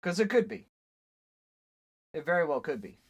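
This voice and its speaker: A man's voice: high-pitched, very animated, normal speed, husky, dry recording, muffled recording. A young man streaming from home, chatting casually and rambling while he draws, joking and poking fun at himself. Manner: rambling, joking, self-mocking. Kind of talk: casual chat while drawing.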